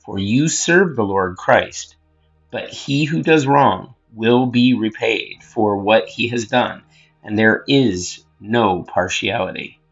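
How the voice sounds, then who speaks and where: A man hosting his own channel, reading scripture aloud in a measured, earnest way and adding a casual word study. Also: lowish voice, breathy edge, highs cut off, faint music behind. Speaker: host and scripture reader.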